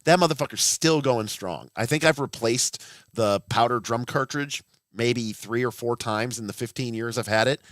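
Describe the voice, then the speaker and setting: A man's voice: medium pitch, fairly bright tone, dry recording, clean studio sound. A man in his thirties hosting a casual livestream, rambling with blunt, profane asides and frequent restarts. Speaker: livestream host.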